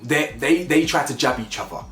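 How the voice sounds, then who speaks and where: A man's voice: mid-range voice, expressive, normal speed, fairly bright tone. A young man reviewing a reality show in an emphatic, slangy rant, repeating words for stress. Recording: echoey room with faint music.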